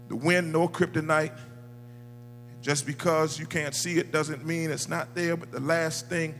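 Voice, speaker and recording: A male preacher delivering a sermon, telling a story quietly, then rising into shouted, sung calls. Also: fairly high pitch, big-room sound. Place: church sanctuary.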